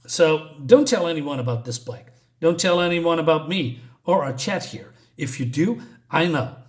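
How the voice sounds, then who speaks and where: A man's voice: a little high, animated, moderate pace, lightly acted. A man reading the lines of a rattled, defiant young woman biker from a comic. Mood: menacing.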